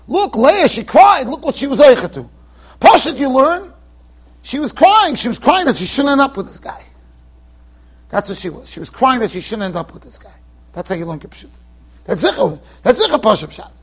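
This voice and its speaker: A man giving an informal Torah lecture as a rabbi, animated and joking, repeating phrases for emphasis. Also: high voice, slightly rough. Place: yeshiva lecture hall.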